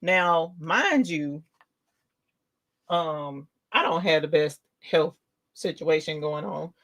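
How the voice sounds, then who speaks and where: An older woman chats through a casual live craft demo. She tells her stories in an animated, talkative way, full of asides and questions to her viewers. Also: low-pitched, slow pace, low-quality recording. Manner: animated, chatty storyteller. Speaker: rhinestone crafter hosting a live stream.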